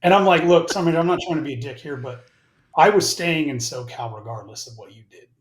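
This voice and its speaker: A man in his forties tells a story as a podcast guest, casual and salty, jumping between his own lines and the other person's. His voice sits a little high for a man. The room has a noticeable echo. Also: quick pace, a crowd in the background. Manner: animated, profane, mimics both sides of conversations. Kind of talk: casual storytelling with acted-out dialogue. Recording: roomy echo.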